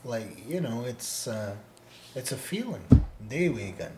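A man co-hosting a casual podcast, talking in a relaxed way and often ending his sentences with "eh?", growing loud and laughing when he tells stories. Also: medium pitch, a little slow, very noisy. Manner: laid-back, ends phrases with "eh?", turns loud and laughing when telling stories. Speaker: podcast co-host teaching Odawa. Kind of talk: casual conversational chat.

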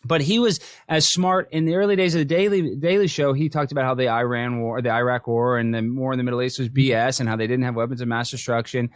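Fast-talking animated male host. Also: mid-range voice, no room sound, clean studio sound. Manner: animated, excitable, mocking. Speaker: podcast host. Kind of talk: casual political chat.

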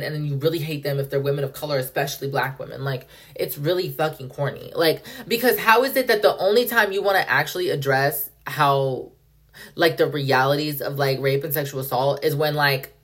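A young woman hosting a solo podcast, ranting in a heated, profane way and saying "like" constantly. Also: deep voice. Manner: heated, profane, heavy use of "like". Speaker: podcast host.

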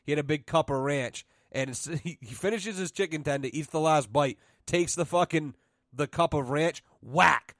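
A man's voice: on the high side, moderate pace, a bit bright, no echo, clean studio sound. A young man from New England hosting a casual podcast, telling a road-trip story full of swearing and laughing in the middle of sentences. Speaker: podcast host.

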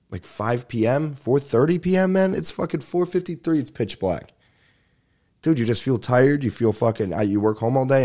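A young man riffs through a solo podcast in a loose, rambling way. His voice sits on the low side, and he tends to rush his words and swear freely. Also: a little mellow. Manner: rambling, swears casually, fast-talking. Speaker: podcast host. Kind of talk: casual solo podcast chat.

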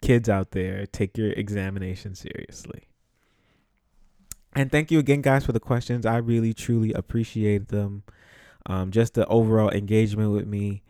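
A man's voice: lowish voice, fairly even intonation, moderate pace, dark tone, clear, resonant tone, dry recording, clean studio sound. A young man from the Bronx hosting his podcast, telling a story casually, swearing freely and laughing often as he talks. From the Bronx, New York. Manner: laughs often, profane and loose. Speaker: podcast host.

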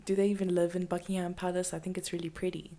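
A woman's voice: fairly low pitch, flat delivery, quick pace, dark tone. Giggly woman co-hosting a podcast. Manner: giggly, playful, laughs often. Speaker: podcast co-host. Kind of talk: casual chat.

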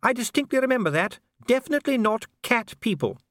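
A man voicing a refined, kindly noblewoman who coaxes her husband gently and practically. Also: very high-pitched, big pitch swings, a little fast, no echo, clean studio sound, voice pushed up, full character voice. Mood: brisk, concerned. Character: refined, kindly noblewoman, middle-aged wife.

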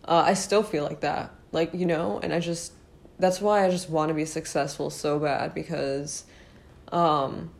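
A young woman talks straight to her viewers in a casual storytime monologue. Her voice sits slightly low and sounds worn, as if she is losing it. She rambles, circles back and fills pauses with asides. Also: fairly even intonation, vocal fry. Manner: chatty, rambling, full of fillers and asides to viewers. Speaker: vlogger telling a personal story.

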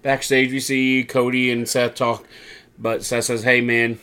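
Man, podcast co-host, casual wrestling recap, rambling, acts out quotes, mid-pitched voice. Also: flat delivery, measured pace, fairly bright tone, clean tone.

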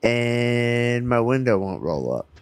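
A man's voice: medium pitch, sing-song, slow pace, clear, resonant tone, no echo. A young man on a podcast, telling a road trip story in casual chat, swearing and laughing as he acts out the people in it. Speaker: podcast co-host.

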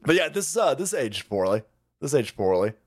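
Brief: male stream host, crude political rant, mocking, wildly swinging pitch. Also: big pitch swings, normal speed. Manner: crude, mocking, swings between high sarcastic mimicry and low grumbling. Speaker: livestream host.

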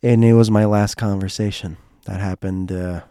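A man with a low, hoarse voice tells a personal story straight to his listeners. He rambles and circles back, mixing earnest feeling with quick jokes. The recording is dry and close, with no room sound. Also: fairly even intonation, mellow, no echo. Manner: rambling, restarts often, heartfelt and joking. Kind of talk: casual personal storytelling monologue.

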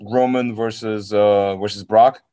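A man's voice: lowish voice, steady tone, measured pace, mellow. A man co-hosting a casual chat, easygoing and enthusiastic. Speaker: podcast co-host.

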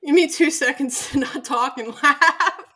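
A woman's voice: high-pitched, bright, forceful tone. Casual, swearing woman game master. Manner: casual, halting, peppered with swearing. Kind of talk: narrating a tabletop game.

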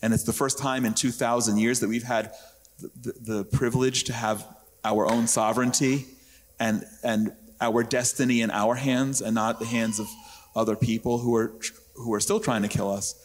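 A man's voice: mid-range voice, fairly even intonation. Earnest man with roomy reverb. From Israel. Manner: measured and heartfelt, with restarts. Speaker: guest. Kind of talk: earnest conversational interview.

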